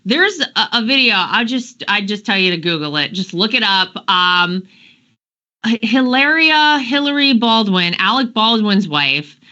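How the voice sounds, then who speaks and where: A woman's voice: medium pitch, sing-song, measured pace, sharp tone, lo-fi sound. A woman hosting a casual panel talk show, chatty and incredulous, often trailing off.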